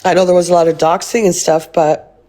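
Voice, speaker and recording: A woman's voice: fairly low pitch, level tone, fairly quick, dark tone. Blunt, rambling, foul-mouthed woman streamer. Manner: blunt, rambling, swears a lot. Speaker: live streamer. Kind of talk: casual live-stream chat reading comments.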